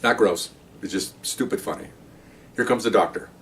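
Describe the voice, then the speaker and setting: A middle-aged man, a former police officer, telling a story from his patrol days in a casual, animated way, talking to his listeners. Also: fairly low pitch, moderate pace, distant mic, slight background noise. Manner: conversational, animated, asides to listeners.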